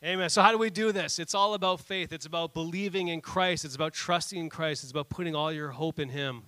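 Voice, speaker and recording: A man in his thirties preaching a sermon, earnest and animated, telling family stories between points with frequent restarts. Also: on the high side, quick pace, clean tone, no echo. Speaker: pastor.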